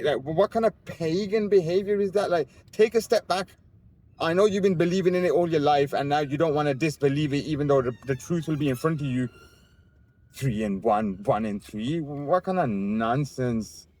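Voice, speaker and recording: A man's voice: medium pitch, darkish tone. A young man ranting on a city street outdoors, combative and swearing, firing off rhetorical questions and sarcastic asides. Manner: sarcastic asides and voiced mockery. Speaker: street interviewee. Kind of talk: ranting monologue on camera.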